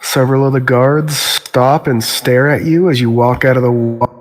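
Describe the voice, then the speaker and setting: A man's voice: mid-range voice, steady tone, moderate pace, long reverb tail. A man narrating a tabletop game as game master, describing scenes steadily and briefly voicing nervous guards.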